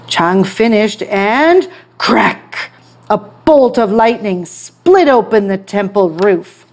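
A woman reads a picture book aloud for young English learners at a slow, deliberate pace. Her delivery is clear and expressive, shaping each sentence so a child can follow it. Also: mid-range voice. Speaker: English storytime teacher.

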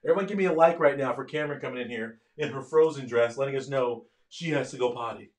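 A man giving a live online lecture from his office at home, energetic and often asking his listeners questions. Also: medium pitch, fast talker, roomy sound. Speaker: medical education lecturer.

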